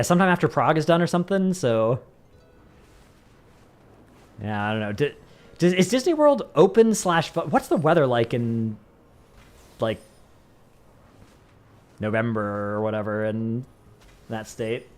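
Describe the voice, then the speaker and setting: This man, a Bay Area livestreamer with a Northern Californian accent, speaks at medium pitch and a measured pace, lively in intonation and pausing often. Chatting casually with his viewers, he rambles and says "like" a lot.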